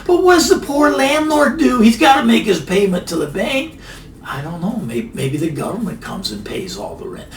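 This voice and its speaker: A man's voice: very high voice, sing-song, normal speed, a little hiss or hum. Middle-aged male host, emphatic and repetitive, echoey room, faint background ambience. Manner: emphatic, repeats phrases for effect. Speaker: finance channel host. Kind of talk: casual monologue commentary. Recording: roomy, mic a bit distant, faint ambience.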